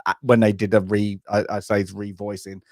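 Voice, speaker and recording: A man talking through a film scene in a loose, rambling way, stopping and restarting his thoughts often. His voice sits on the low side and sounds close and dry, with no room around it. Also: flat delivery, brisk, a little mellow, no room sound. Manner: rambling, hesitant, many restarts. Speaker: podcast co-host. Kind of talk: casual film review chat.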